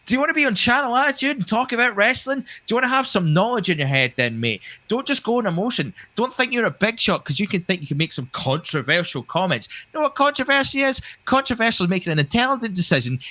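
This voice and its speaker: A man's voice: high-pitched, sing-song, quick pace, few pauses, bright, forceful tone, no room sound. A man co-hosting a wrestling podcast, talking with a heated, profane, ranting delivery. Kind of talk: casual podcast chat.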